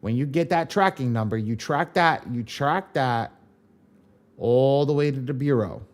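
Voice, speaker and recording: A man's voice: mid-range voice, measured pace. A man leading a live online training class on credit repair, emphatic, repeating his points and swearing casually.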